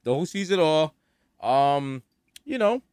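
A man's voice: fairly high pitch, very animated, takes it slowly, a little mellow, clean tone, dry recording, clean studio sound. A man in casual comedic banter on a video call, joking and repeating words for emphasis.

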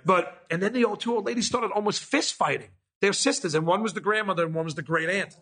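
A comedian guest tells animated, profane stories in casual chat. His voice sits high for a man and rings bright and forceful. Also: fast. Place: indoors in an old mansion.

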